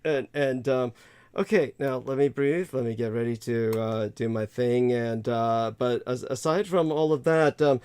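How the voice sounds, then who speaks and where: A man hosting a livestream in casual talk, halting, with many fillers, restarts and soft laughs. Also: mid-range voice, fairly even intonation, smooth. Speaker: livestream host.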